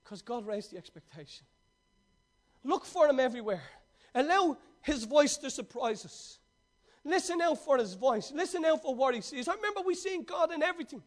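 Male preacher with a high voice, delivers a sermon that shifts from excited storytelling to a hushed, pressing call. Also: moderate pace. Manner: swings from excited, laughing storytelling to hushed, urgent exhortation.

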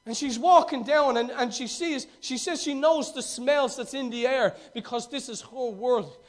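A man preaching a fervent, storytelling sermon that swings from loud to hushed. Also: extremely high pitch, moderate pace.

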